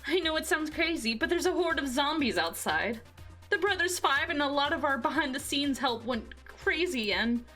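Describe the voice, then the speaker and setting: A bright, bubbly young woman from a dating-sim game, as a woman puts her on, high-pitched and full of lively swoops. She sounds friendly and energetic, with soft music under her. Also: moderate pace. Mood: urgent. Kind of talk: visual novel voice acting.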